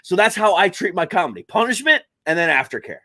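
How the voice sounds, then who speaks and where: A man's voice: high voice, big pitch swings, fast talker, sharp tone. A man co-hosting a podcast in casual chat, a comedian talking in a laid-back, rambling way with lots of fillers.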